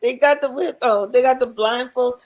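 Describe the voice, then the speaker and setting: A woman's voice: on the high side, fairly even intonation, normal speed, a little mellow, rough recording. A woman in a casual talk-show chat, explaining her plans eagerly and chattily.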